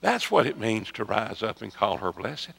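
A man preaching a sermon, telling a story that swings from loud emphatic peaks to soft hushed asides. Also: on the low side, big pitch swings, moderate pace, creaky, breathy edge. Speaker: pastor. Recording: long hall reverb.

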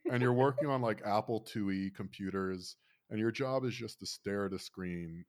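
A man's voice: fairly low pitch, moderate pace, darkish tone. A man in his thirties, from Florida, telling a rambling, wry story in casual chat.

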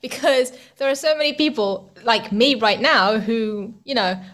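A woman's voice: fairly high pitch, measured pace, fairly bright tone. A woman who is a podcast guest, talking conversationally and laughing often as she answers. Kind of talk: casual interview.

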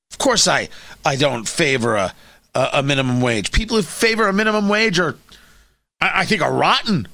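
Radio host guy ranting, sarcastic, bright and lively, dry close sound. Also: a little high, no room sound. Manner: sarcastic, animated, mocking asides. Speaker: radio talk show host. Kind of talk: opinionated talk radio monologue.

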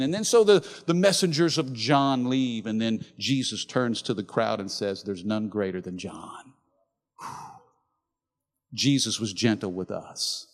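A man preaching a sermon as pastor, passionate, swinging between loud emphasis and soft, quiet lines. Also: medium pitch. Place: large church hall. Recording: reverberant church hall.

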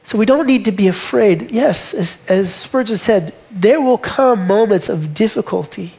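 A man preaching a sermon, emphatic, slowing down and dropping soft when he quotes scripture and verse. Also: high-pitched, creaky, muffled recording. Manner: emphatic, slows and drops to near whisper on quoted lines.

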